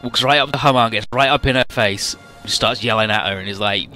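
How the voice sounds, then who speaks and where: A man chatting casually, retelling a story with animated energy, swearing and mimicking the characters. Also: mid-range voice, a little fast, faint music behind. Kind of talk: casual chat.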